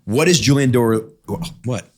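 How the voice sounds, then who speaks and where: A man hosting a podcast in casual interview chat, throwing in quick questions and laughing along with his guest. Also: medium pitch, a little mellow. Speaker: podcast host.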